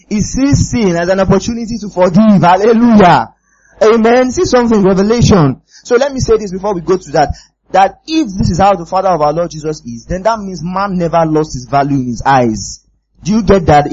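Husky-voiced male preacher, emphatic. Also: high voice, a little mellow, highs cut off. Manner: emphatic, keeps asking the audience if they follow. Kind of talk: sermon.

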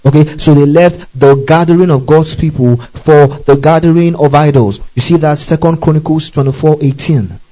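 A man preaching a sermon as a pastor, reading scripture slowly and deliberately and checking in with the congregation again and again. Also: fairly high pitch, mellow. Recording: dull lo-fi recording.

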